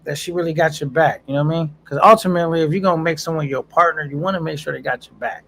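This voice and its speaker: A man's voice: on the high side, fairly even intonation, rapid-fire, vocal fry, sharp tone, slight background noise. A man casually chatting on a live stream, reading viewer comments aloud in a laid-back, slangy way and laughing often.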